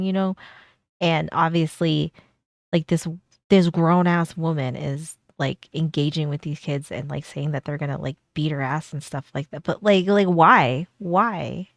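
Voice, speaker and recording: A woman's voice: lowish voice, no echo, studio quality. A woman streamer giving casual, rambling reaction commentary, exasperated and stumbling over her words.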